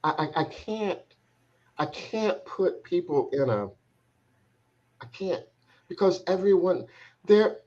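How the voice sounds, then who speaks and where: A man working as a transformation coach, telling a personal story in a reflective, halting way, restarting phrases as he searches for words. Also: sits high, animated, a little mellow. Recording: slightly dull, muffled sound.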